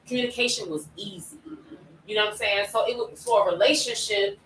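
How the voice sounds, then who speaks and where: A woman's voice: medium pitch, fairly quick, a bit bright. A woman in a casual group discussion, speaking emphatically and animatedly with salty slang. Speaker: panel guest. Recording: roomy, distant mic with faint noise.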